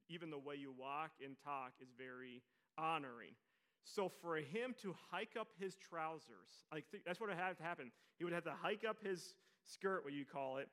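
Male pastor, bright and a touch high, animated sermon delivery with congregation asides. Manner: reads scripture quietly then preaches loudly, animated, addresses congregation.

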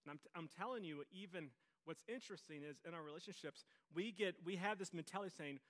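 A man's voice: on the high side, quick pace, a bit bright. A man preaching a sermon as pastor, telling stories with energy and repeating his phrases for emphasis.

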